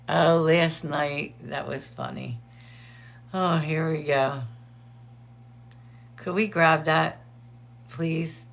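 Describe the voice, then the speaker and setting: Slow, gravelly-voiced woman hosting a livestream. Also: low voice, big pitch swings. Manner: chatty, greets viewers by name between updates. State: teary eyes from allergies. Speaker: livestream host. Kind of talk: casual livestream chat greeting viewers.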